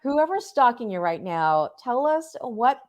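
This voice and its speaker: A woman's voice: fairly high pitch, sing-song, a little slow, highs cut off. A woman hosting a podcast interview, chatting casually and cheering her guest on with short interjections. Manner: warm encouraging interjections, "I love it". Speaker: podcast host.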